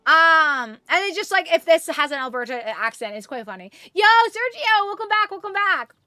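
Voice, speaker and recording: High, bright-voiced chatty woman streamer. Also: very animated, moderate pace, no room sound, clean studio sound. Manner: chatty, greets viewers, baby talk to her pet. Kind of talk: casual live-stream chat.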